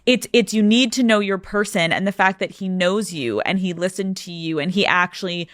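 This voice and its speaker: A woman's voice: medium pitch, normal speed, fairly bright tone, no echo, studio quality. A woman hosting a podcast, reacting with short exclamations and offering reflective comments in casual chat. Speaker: podcast host.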